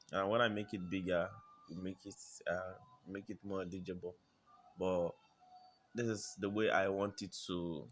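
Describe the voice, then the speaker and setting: A man explaining design principles in a tutorial, halting, repeating words and often clearing his throat, checking in with the listener. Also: on the low side, fairly bright tone. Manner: checks in with "you understand?". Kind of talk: screen-recorded tutorial explanation.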